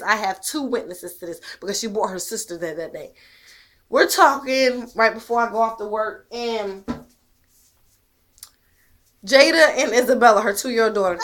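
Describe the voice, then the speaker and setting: Intense, emphatic woman with a higher voice. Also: pushed and bright. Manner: intense and emphatic, rhetorical questions; blunt, swears in anger. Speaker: mother. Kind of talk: direct-to-camera monologue.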